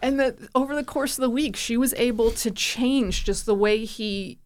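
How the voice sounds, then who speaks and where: A woman's voice: fairly high pitch, normal speed. A middle-aged woman from New Jersey, a guest telling a personal story in casual conversation, acting out the voices of people she quotes. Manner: animated, acts out quoted voices.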